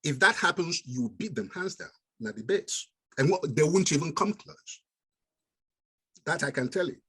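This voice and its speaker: A man's voice: a little high, lively intonation, moderate pace, pushed and bright, husky. A man giving emphatic, encouraging advice on a video call. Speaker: meeting participant.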